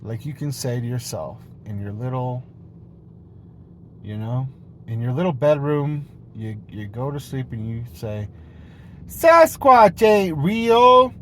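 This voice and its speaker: A man's voice: medium pitch, unhurried, mellow, a little hiss or hum. A man rambling playfully in a casual monologue video, jumping between topics and swearing freely. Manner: playful, silly tone. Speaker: vlogger.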